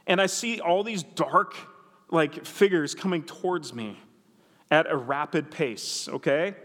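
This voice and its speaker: Male preacher, storytelling sermon, lively and conversational, slightly high voice, big hall echo. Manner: animated storytelling, conversational asides. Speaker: pastor.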